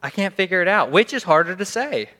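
A man's voice: high voice, lively intonation, brisk, bright, forceful tone. A male pastor giving a conversational sermon, acting out little scenes as he preaches. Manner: conversational, acts out scenes with raised voice.

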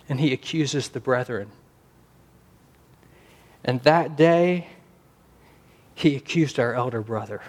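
A man preaching a sermon as pastor, earnest, slowing down and rising in volume for emphasis. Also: medium pitch. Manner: earnest, slows and rises for emphasis.

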